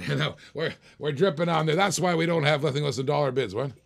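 A man's voice: fairly high pitch, quick pace, creaky. A man hosting a live toy car auction, joking and urging bidders on, a little short of breath.

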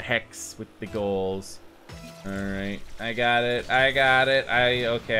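A young man chats through a gaming stream at an unhurried, drawn-out pace, rambling and poking fun at himself between sudden excited outbursts. His pitch sits in an ordinary middle range. Faint background noise hums under his close desk mic. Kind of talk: casual live gameplay commentary.

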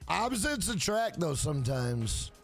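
A man's voice: fairly high pitch, big pitch swings, measured pace, faint music behind. A man live-streaming a game, rambling through crude, profane stories and talking back to his chat by name. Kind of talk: casual chat while gaming on a live stream.

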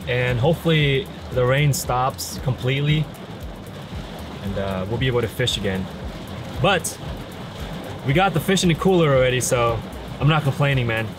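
An animated fishing vlogger with a medium-pitched voice talks at normal speed, leaving long pauses, as he shows viewers his gear from a wet, windy pier. His easy-going talk is peppered with "man," and the camera-mounted mic carries wind, rain and outdoor noise.

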